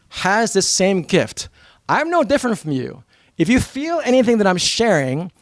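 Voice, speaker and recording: An American man from New York giving a blunt, energetic talk to a live seminar audience as a motivational speaker. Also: high-pitched, no room sound. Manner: energetic, blunt and emphatic, with mock voices.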